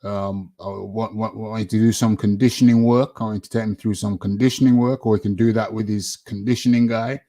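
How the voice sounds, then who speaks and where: A man hosting a casual boxing talk show, speaking haltingly with many fillers and restarts. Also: on the low side, steady tone, mellow.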